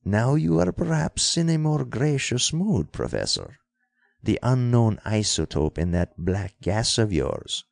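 A man's voice: medium pitch, big pitch swings, a little slow, vocal fry, a little mellow, dry recording. A man voicing a cold, sneering young male villain in an audiobook, speaking coolly and with contempt. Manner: cool, sneering, clipped.

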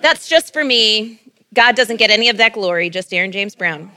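A woman's voice: medium pitch, expressive, moderate pace, bright, forceful tone, a little hiss or hum. A woman pastor giving a sermon and prayer in a playful, conversational preaching manner. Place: church.

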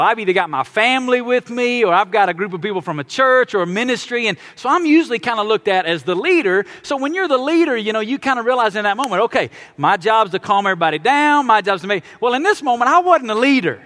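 High, bright-voiced male pastor preaching. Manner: animated storyteller with a self-mocking humor. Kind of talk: sermon with personal story.

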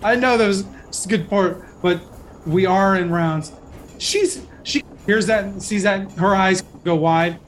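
A man's voice: high voice, a little slow, slight background noise. A man narrating and ruling as game master of a tabletop role-playing game, in an easygoing way.

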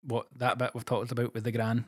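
Fast-talking man chatting. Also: medium pitch, completely flat delivery. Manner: quick, chatty, hedging with fillers. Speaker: podcast co-host. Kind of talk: casual chat.

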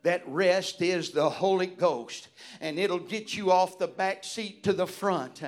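Fervent high-voiced preacher. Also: male voice, slow pace. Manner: swings from hushed to shouted, fervent preaching cadence. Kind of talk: sermon.

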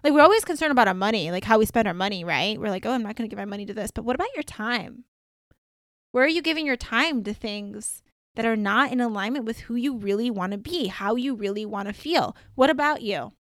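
A woman coach hosts her podcast alone, retelling a dream in a loose, animated monologue. Her voice sits somewhat high, and the sound is close and dry with no room around it. She talks casually, leaning on "like" and "you know.". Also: brisk, no room sound. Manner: chatty, many "like"s, lively retelling.

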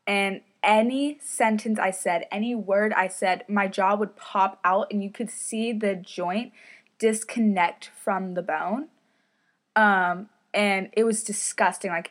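A young woman talks into a podcast mic on a stand, rambling through a personal story. She fills her sentences with "like" and "um" and pokes fun at herself as she goes. Her voice sits at an ordinary middle pitch. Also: fairly bright tone. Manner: rambling, chatty, lots of "like" and "um", self-deprecating. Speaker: podcast host. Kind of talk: casual solo podcast storytelling.

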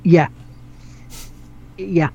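A man's voice: drawn-out words, mellow. A man hosting a casual gaming podcast, rambling with restarts, laughing and swearing casually. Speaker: podcast host. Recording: dull lo-fi audio.

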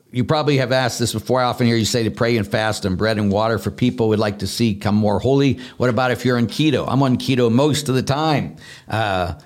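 A man speaking as a Catholic priest, giving conversational spiritual teaching in an earnest, animated way, repeating words for emphasis and laughing at himself. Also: lowish voice.

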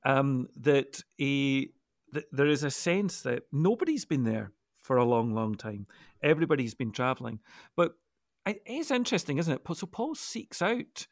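A man's voice: mid-range voice, sing-song, moderate pace, no echo, studio quality. A man, co-hosting a Bible discussion and explaining his thinking at length, often restarting his sentences. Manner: thoughtful, explanatory, with frequent restarts. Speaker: co-host of a Bible discussion podcast. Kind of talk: casual discussion.

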